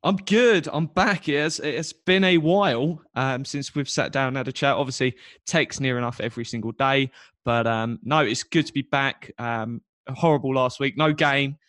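A man's voice: mid-range voice, moderate pace, a bit bright, no echo. A man with a London accent co-hosting a casual podcast, chatty and laid-back with lots of ums. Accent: British, London. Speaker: podcast co-host. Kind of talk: casual chat.

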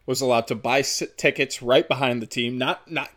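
A man's voice: mid-range voice, fairly quick, bright, forceful tone. A young man ranting angrily as a podcast host, swearing heavily and raising his voice in frustration. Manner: heated, profane, ranting. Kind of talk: angry opinion rant.

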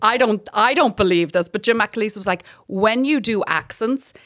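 A woman in her thirties with an Irish accent, a stand-up comic chatting as a guest, telling lively stories with frequent laughs and swearing. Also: mid-range voice, moderate pace, no room sound, clean studio sound. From Ireland. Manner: lively storyteller, laughs often, swears freely. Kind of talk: casual chat.

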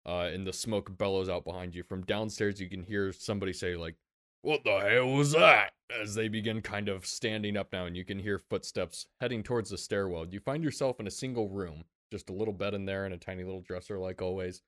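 Low-voiced male game master, relaxed and loose with swearing, dry close mic. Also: fast talker, few pauses, no room sound. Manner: laid-back, laughs often, casual swearing. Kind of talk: narrating a tabletop game.

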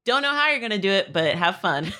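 Bright, excitable woman player. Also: mid-range voice, fast talker. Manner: excitable, giggly, rambling. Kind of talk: tabletop game play, casual chat.

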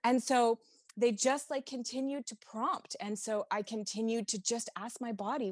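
A woman's voice: mid-range voice, measured pace, no room sound, clean studio sound. A woman guest on a podcast telling a personal story openly and emotionally, laughing now and then as she talks. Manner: open, emotional, laughs while recalling.

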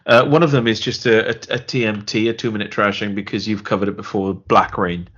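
A man's voice: fairly low pitch, steady tone, a little fast, a bit bright, breathy edge, lo-fi sound. A man co-hosting a film podcast in a casual, rambling way, often repeating words and laughing as he talks. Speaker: podcast co-host.

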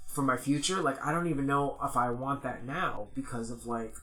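Bright-voiced young man, rambling chat. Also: mid-range voice, steady tone, moderate pace. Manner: rambling, full of "like" and restarts. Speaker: podcast guest. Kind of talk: casual chat.

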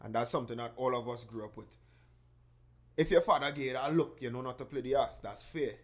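A man's voice: medium pitch, a little fast. Earnest Caribbean-raised man reflecting. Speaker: podcast co-host. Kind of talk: casual chat.

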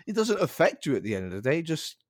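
Bloke ranting, fed up, swears a lot, voice jumps all over, dry close mic. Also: male voice, a little high, sing-song, a little fast, no room sound. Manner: ranting, exasperated, swears casually. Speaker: podcast co-host. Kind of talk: casual chat.

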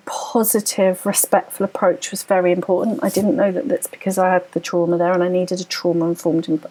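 A woman's voice: mid-range voice, a little mellow, husky, low-quality recording. A woman, a podcast guest, earnestly telling a personal story in tumbling phrases full of restarts.

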